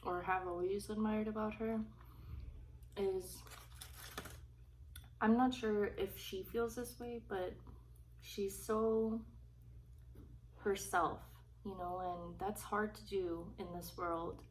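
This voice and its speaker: A woman vlogger chatting casually during a mukbang, soft-spoken and rambling, pausing between bites. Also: mid-range voice, fairly even intonation. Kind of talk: casual chat while eating. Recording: slightly distant mic with faint hiss.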